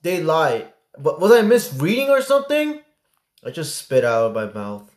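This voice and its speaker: Jumpy young man yelling through a game. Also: fairly high pitch, normal speed, echoey room. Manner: excitable, sudden yelps, swearing. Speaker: gaming streamer. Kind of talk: gameplay commentary.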